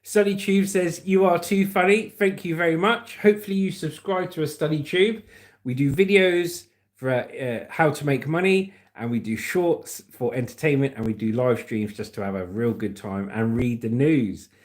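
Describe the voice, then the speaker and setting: Medium-pitched and moderately paced, this middle-aged Englishman runs a livestream with casual, chatty talk. He reads viewer comments aloud, joking around and laughing often.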